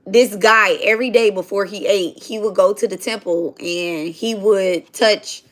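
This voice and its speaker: A woman's voice: medium pitch, fairly even intonation, a little slow. A woman chatting casually on a livestream while she cooks, rambling and slangy as she tells a spiritual story. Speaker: spiritual content creator.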